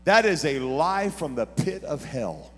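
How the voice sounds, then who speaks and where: A man preaching a sermon as pastor, telling stories and building to shouted preaching. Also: a little high, big pitch swings, a little slow, long reverb tail, faint music behind. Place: church sanctuary.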